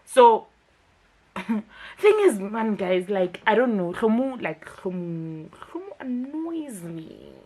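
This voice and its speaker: A woman's voice: mid-range voice, lively intonation, slow pace, a little mellow, husky. A young woman, reviewing a TV series in a casual, chatty commentary vlog. She talks emphatically, with frequent fillers.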